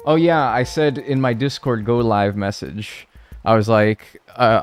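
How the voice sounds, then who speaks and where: A man's voice: medium pitch, fairly even intonation, unhurried, smooth. A man in his twenties, a game streamer chatting casually with live viewers in a rambling, joking way. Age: 20s. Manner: rambling, joking, full of filler "like".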